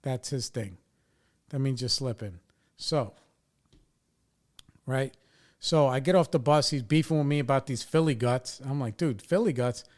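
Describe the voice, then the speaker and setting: A man's voice: medium pitch, measured pace, long pauses, a little mellow. A man in his forties from New York State, a podcast host telling a story in a rambling, profane way and tagging his lines with "right?" and "you know". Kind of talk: casual storytelling.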